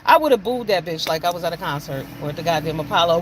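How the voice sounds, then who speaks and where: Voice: mid-range voice, animated, quick pace, raised voice, heavy background noise. A podcast host in a casual rant, blunt and profane, scolding with an indignant edge. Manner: blunt and profane, with heavy cursing. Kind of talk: casual rant on a talk show.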